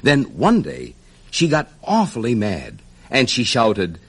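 A man narrating a rhyming children's story in an expressive, sing-song way. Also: mid-range voice, slow pace, slightly rough.

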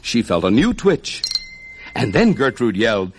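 A man narrating a rhyming children's story in an expressive, sing-song way. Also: medium pitch, unhurried, slightly rough.

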